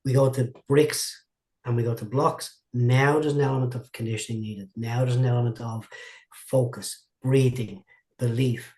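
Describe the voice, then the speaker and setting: A man's voice: mid-range voice, fairly even intonation, moderate pace, darkish tone. A man, a martial arts instructor telling long, rambling stories in a casual interview, often repeating and restarting his words.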